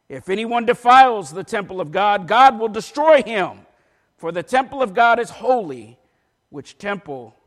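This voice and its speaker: A pastor preaching a sermon in a church, reading scripture aloud with an emphatic delivery. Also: male voice, high voice, fairly bright tone. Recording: long reverb of a large hall.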